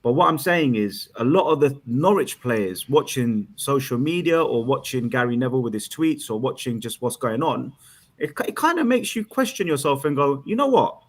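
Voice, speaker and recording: A man calling in to a fan chat show, excitable, laughing often and repeating himself as he talks. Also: medium pitch, moderate pace. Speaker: caller.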